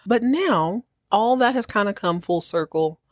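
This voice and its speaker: A woman podcast host giving a casual show recap, telling the story in an animated, joking way. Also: mid-range voice, a little slow, no echo, studio quality.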